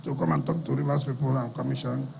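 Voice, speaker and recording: A man's voice: mid-range voice, level tone, fast talker, vocal fry. A man with a Nigerian accent, a governor giving a fiery, combative rally speech and repeating phrases for emphasis. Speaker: state governor. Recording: muffled live broadcast audio.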